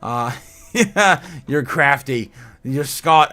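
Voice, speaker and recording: A man hosts a casual livestream, working through news headlines and then chat messages. He rambles, fills gaps with "uh," and breaks into laughter often, in an ordinary mid-pitched voice. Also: moderate pace, fairly bright tone. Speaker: host of a crypto livestream.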